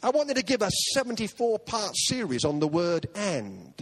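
A man's voice: high-pitched, wildly swooping pitch, normal speed. A man preaching a humorous sermon, telling stories with self-mocking comic asides.

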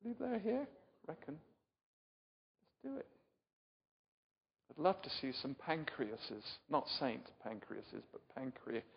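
Gravelly and husky, this older English preacher's voice is fairly high, with big pitch swings, a measured pace, and frequent pauses. His sermon is chatty and informal, marked by self-mockery and questions to listeners. It's recorded muffled in a reverberant hall.

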